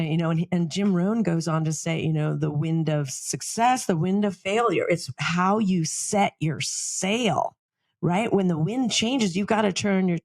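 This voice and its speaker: A middle-aged woman co-hosting a podcast, telling stories in a lively, chatty way and laughing often. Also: lowish voice, creaky, no echo. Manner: animated storytelling, laughs often. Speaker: podcast co-host. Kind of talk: casual chat.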